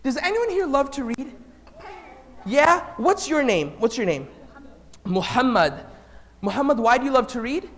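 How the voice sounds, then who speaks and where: An animated man giving a storytelling talk to children. He keeps turning to the kids with questions and swings from loud to hushed. His voice sits fairly high for a man. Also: a little slow, pauses often. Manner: engages the audience with questions. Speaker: speaker at a children's event.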